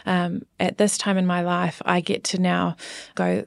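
Woman, late 30s, podcast guest; gravelly, lowish voice, earnest and halting, dry booth sound. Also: flat delivery, dry recording. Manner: earnest, halting, many fillers and restarts. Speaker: guest, worship songwriter. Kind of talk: casual interview chat.

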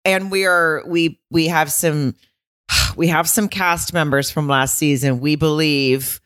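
A woman's voice: deep voice, fairly even intonation, takes it slowly, a bit bright, no room sound, studio quality. A woman co-hosting a podcast in casual, chatty talk, joking and swearing now and then. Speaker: podcast co-host. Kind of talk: casual chat.

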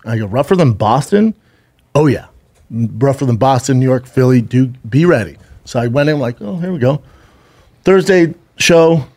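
Animated man telling a wild story. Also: mid-range voice. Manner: animated, acts out quotes, swears freely. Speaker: podcast co-host. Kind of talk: casual storytelling chat.

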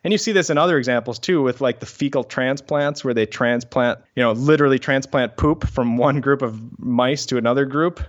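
A man's voice: mid-range voice, a little fast, hardly any pauses, dull audio. A man who is a scientist, explaining research findings in a podcast interview. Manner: explanatory, reads study titles aloud. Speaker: guest scientist.

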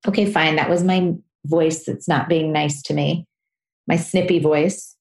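A woman's voice: low voice, fairly even intonation, a little slow, a little mellow, echoey room. A woman hosting a parenting podcast. She talks through listener questions one by one in an earnest, explaining way and acts out short examples as she goes. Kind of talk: solo advice talk.

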